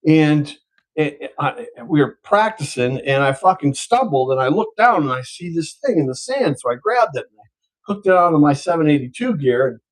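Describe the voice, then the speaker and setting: A man's voice: fairly high pitch, animated, moderate pace, rough recording. An older man, a co-host, telling a long profane joke in casual chat and acting out the characters' voices.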